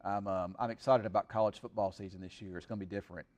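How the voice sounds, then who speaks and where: A man's voice: lowish voice, fairly even intonation, fast talker, darkish tone. A middle-aged man chatting casually on a live stream in a rambling, folksy way, full of fillers. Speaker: weather streamer.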